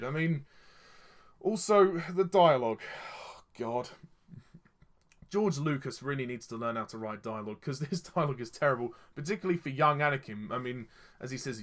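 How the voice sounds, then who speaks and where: A man giving a casual film review, exasperated and sarcastic, often laughing at what he criticizes. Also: fairly high pitch.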